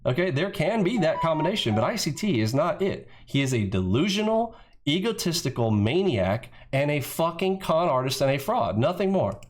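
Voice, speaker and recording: A man's voice: sing-song, moderate pace. A man hosting a trading video, ranting in heated reaction commentary, mocking a rival and swearing freely. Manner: mimics his rival in shrill yells.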